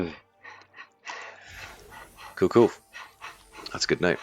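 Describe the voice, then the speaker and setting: A man's voice: low voice, takes it slowly, faint music behind. A man chatting casually on a live stream as he plays a card game, loose and profane, thinking aloud.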